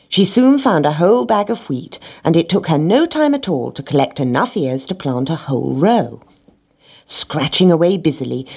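A woman with a low, slightly husky voice reads a children's storybook aloud. Her intonation swings widely as she tells the tale gently, slipping into voices for the characters. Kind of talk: storybook reading.

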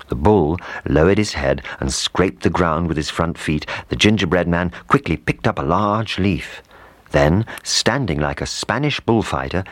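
A man reading a children's storybook aloud with expressive, lively intonation. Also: a bass voice, dry recording.

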